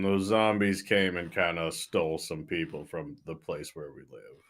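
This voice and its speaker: Deep-voiced, hesitant man at a tabletop game. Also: fairly even intonation, moderate pace, a bit bright. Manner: hesitant, searching for words. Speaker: player. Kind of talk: casual tabletop game play.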